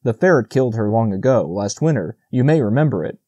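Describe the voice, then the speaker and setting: A man's voice: mid-range voice, lively intonation, quick pace, mellow, breathy edge, dry recording, dull audio. A man voicing a talkative, eager young male squirrel in a storybook reading. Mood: chatty. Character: chattering young male squirrel, friendly and rambling.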